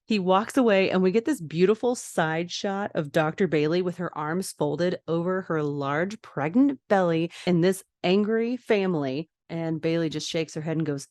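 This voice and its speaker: Low-voiced woman vividly retelling a TV episode. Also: normal speed, hardly any pauses, a little mellow, dry recording, clean studio sound. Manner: vivid scene-by-scene retelling with asides. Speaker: podcast host. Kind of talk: episode recap narration.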